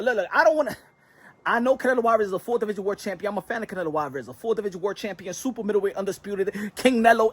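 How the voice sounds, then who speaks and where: A man hosting a casual boxing commentary vlog, animated, slangy and joking. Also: sits high, breathy edge, no room sound.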